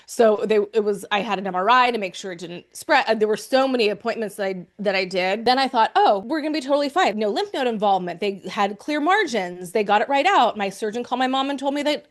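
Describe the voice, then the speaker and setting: A woman's voice: medium pitch, a little fast, hardly any pauses. A young adult woman candidly telling her personal story of illness, chatty and emotional, often quoting what others said to her. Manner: chatty, emotional, quotes others in reported speech. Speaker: cancer patient sharing her story.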